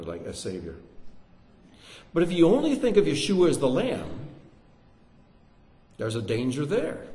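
A man preaching a sermon in an animated way, with joking asides and swings between loud and hushed delivery. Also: medium pitch, echoey room.

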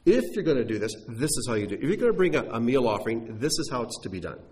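A man's voice: medium pitch, very fast. A man preaching a sermon, teaching from scripture with emphatic rhetorical questions. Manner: animated, rising and falling with emphasis, rhetorical questions.

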